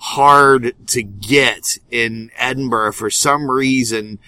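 A man's voice: mid-range voice, slow pace, no echo. An American man, a comedian, telling a rambling story in casual podcast chat, correcting himself as he goes. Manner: rambling, animated, self-correcting.

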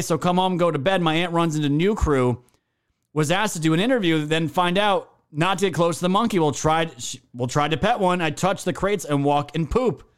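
A male streamer with a fairly high voice rambles through a casual commentary. He swears freely and mocks what he reads, laughing as he goes. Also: clean tone. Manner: profane, mocking, laughs often. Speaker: livestream host.

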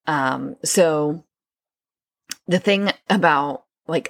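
A woman's voice: low-pitched, slow pace, pauses often, no echo. A woman hosting a solo podcast, talking conversationally with fillers and restarts. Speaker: podcast host.

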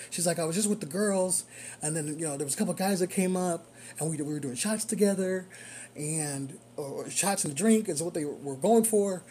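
A rideshare driver tells a story in a casual monologue, animated and repeating phrases for emphasis. The voice is medium-pitched at a normal speed, with a little hiss or hum in the recording.

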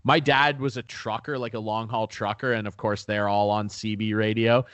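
A man's voice: fairly low pitch, level tone, normal speed, a bit bright, clean tone, dry recording. A man from Canada telling a driving story in casual chat, ranting and swearing freely.

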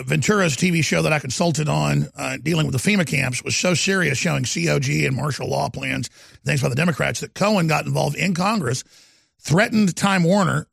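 A middle-aged man hosting a talk show, ranting about politics with sneering, loud bursts of emphasis. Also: creaky, dry recording, studio quality. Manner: fast product pitching.

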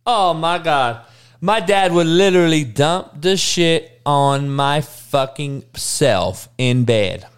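Animated profane man ranting. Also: on the high side, slow pace, clear, resonant tone. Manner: animated, heavily profane, emphatic. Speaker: podcast host and coach. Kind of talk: casual comedic rant.

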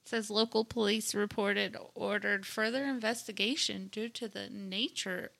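A woman's voice: mid-range voice, fairly even intonation, moderate pace, vocal fry, a bit bright. A woman co-hosting a casual comedy chat, reading out odd news stories and laughing often.

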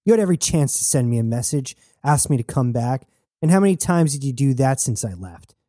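A man's voice: on the high side, lively intonation, normal speed, warm tone, no echo, studio quality, pitched above the performer's own voice, close to an everyday voice. A man voicing a guarded, tough female space traveler who speaks sharply and urgently in a radio drama. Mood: pressing, defensive.

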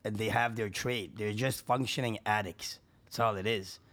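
A man, a podcast guest, telling rambling, profane anecdotes in casual chat, dropping low for asides and getting louder when excited. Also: moderate pace. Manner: swings between low asides and raised excitement. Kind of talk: casual storytelling.

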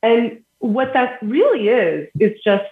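A woman's voice: on the high side, sing-song, takes it slowly. A woman guest in a podcast interview, explaining earnestly with everyday examples and laughing between points. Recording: echoey phone-quality line.

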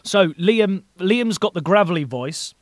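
A male podcast host chats in an enthusiastic way and laughs easily. His voice sits fairly high, and the recording is dry and close. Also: lively intonation, measured pace, dry recording. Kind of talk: casual interview chat.

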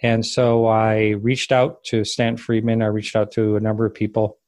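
A man recounting a personal story as an interview guest, rambling and halting and often correcting himself. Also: fairly low pitch, monotone, darkish tone, no echo. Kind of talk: casual spoken recollection.

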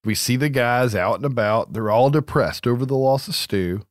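A man hosting a podcast, chatting casually about films, animated, swearing freely and laughing often. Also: mid-range voice, moderate pace, no echo, clean studio sound. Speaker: podcast host. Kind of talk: casual movie chat.

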